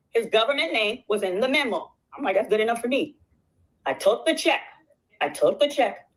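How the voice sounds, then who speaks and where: A woman telling her side of a settlement story, rushing excitedly and repeating phrases. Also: a little high, rough recording. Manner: rapid and excitable, repeats herself. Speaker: guest recounting a legal settlement. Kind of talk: casual storytelling on a stream.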